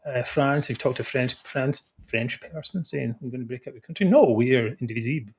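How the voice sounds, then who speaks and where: A man's voice: medium pitch, normal speed, creaky, slight background noise. Blunt man hosting. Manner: blunt, wraps up the show. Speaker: podcast host. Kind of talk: casual livestream chat.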